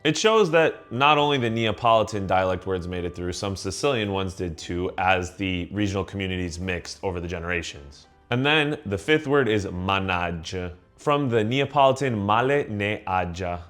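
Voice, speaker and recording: A man gives a scripted lesson on where words come from. His voice sits low, and he explains things clearly and at a steady pace. Soft music plays quietly behind him. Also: moderate pace, hardly any pauses. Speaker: channel host explaining word origins. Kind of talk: scripted educational narration.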